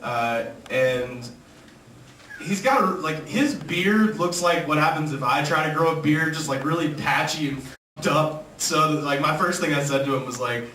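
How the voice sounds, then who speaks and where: A man doing an open mic stand-up set, rambling loosely with lots of "like" and "uh". His voice is bright and edgy. It is caught from far off in an echoey club with some faint noise behind. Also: a little high, a little slow. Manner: loose, filler-heavy storytelling. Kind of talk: stand-up comedy. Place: comedy club.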